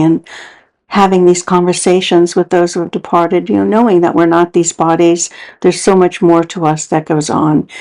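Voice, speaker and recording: A woman's voice: fairly low pitch, darkish tone, rough recording. A woman hosting a paranormal investigation video, narrating in an earnest, contemplative voice-over.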